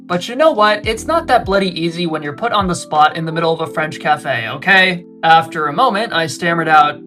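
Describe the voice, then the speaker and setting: A man's voice: on the high side, expressive, moderate pace, few pauses, pushed and bright, faint music behind. A young man narrating a travel vlog from a script, with self-deprecating, wry humor. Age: young adult. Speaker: travel vlogger.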